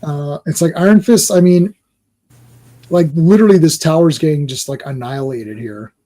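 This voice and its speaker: A man's voice: on the high side, moderate pace, warm tone. A Canadian man co-hosting a comic book podcast, chatting casually, rambling and joking through anecdotes. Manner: rambling, jokey, tells anecdotes with quoted voices. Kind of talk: casual chat.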